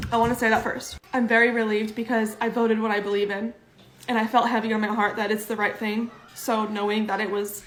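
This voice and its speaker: A woman's voice: fairly high pitch, fairly bright tone, echoey room. A young woman speaking to camera in an emotional vlog, her voice breaking as she tries not to cry.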